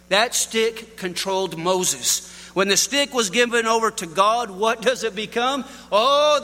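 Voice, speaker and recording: A man's voice: high-pitched, pushed and bright, big-room sound. A man preaching a sermon, telling folksy stories and addressing the congregation directly. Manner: folksy storytelling with Southern address.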